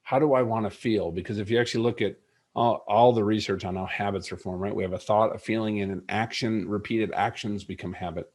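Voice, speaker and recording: A man's voice: on the low side, fairly even intonation, a little fast. A middle-aged man and leadership coach, a guest telling a personal story in an earnest, reflective way. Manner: earnest, reflective, with many fillers. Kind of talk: conversational storytelling interview.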